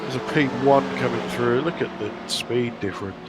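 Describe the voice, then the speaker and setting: A man's voice: mid-range voice, normal speed, very noisy. A man doing live sim race commentary, observant and reporting what he spots on track. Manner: observant, spotting and reporting cars.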